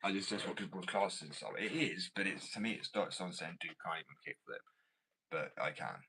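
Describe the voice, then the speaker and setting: A man's voice: sits low, fast, pushed and bright, husky. A man with an English accent chatting casually to viewers, blunt and rambling as he answers their comments about skating and his business. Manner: blunt, rambling, self-assured. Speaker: skater and small business owner.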